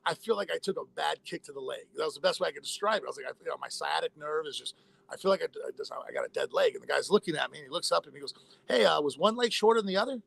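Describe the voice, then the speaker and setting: Fast-talking gravelly man. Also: a little high, a bit bright. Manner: rapid, rambling, many fillers and restarts. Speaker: interview guest, former fighter. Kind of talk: casual storytelling interview.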